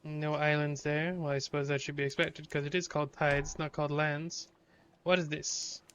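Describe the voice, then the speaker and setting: A man's voice: on the high side, level tone, normal speed, a bit bright, lo-fi sound, slight background noise. A man streaming a video game live, reading its text aloud and reacting with sudden swearing.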